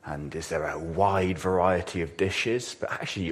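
A man preaching a sermon in a plodding, self-deprecating way, with sudden loud exclamations. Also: sits low, normal speed.

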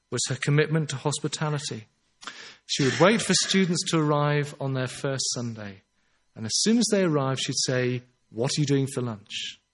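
A man preaching a sermon in an earnest, emphatic way, slowing down on his key phrases. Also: medium pitch.

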